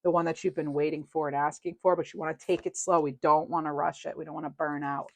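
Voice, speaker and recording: A woman's voice: low-pitched, flat delivery, fast. Chatty woman giving a tarot reading. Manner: chatty, reassuring, rambling with fillers. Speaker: tarot reader. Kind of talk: casual tarot reading to camera.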